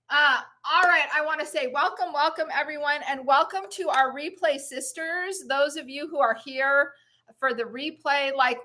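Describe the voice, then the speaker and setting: Upbeat middle-aged woman live-stream host, slow unhurried delivery, slightly winded from jogging. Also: sits high, pushed and bright. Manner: enthusiastic, cheering, laughing often. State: out of breath. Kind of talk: upbeat motivational live chat.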